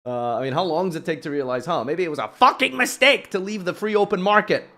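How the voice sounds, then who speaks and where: A man's voice: high-pitched, lively intonation, quick pace, pushed and bright. A young British man streaming, chatting casually with a sarcastic, swearing manner. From United Kingdom. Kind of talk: casual chat with chat while playing.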